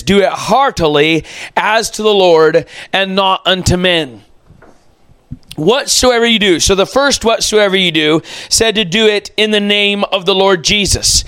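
A male pastor delivers a sermon in a fairly high, smooth and resonant voice, recorded close and dry. He preaches with emphasis, repeating key phrases to drive each point home. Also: a bit bright, no echo.

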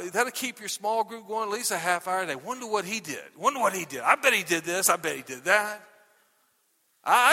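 Animated high-voiced male preacher. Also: in a large hall. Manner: animated, repeats "okay?" constantly. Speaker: pastor. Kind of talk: sermon. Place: church sanctuary. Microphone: microphone.

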